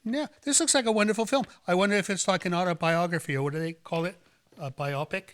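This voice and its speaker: A man's voice: sits high, expressive, fast talker, a bit bright. A man hosting a horror movie show, rambling and joking in playful banter. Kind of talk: playful, campy hosting chat.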